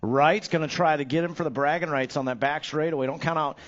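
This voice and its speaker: A man announces a live bike race from the booth, his voice sitting a bit high for a man. He is upbeat and playful, hyping riders with nicknames and running jokes. The sound is dull and lo-fi, like a track speaker feed. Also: fairly even intonation, fast.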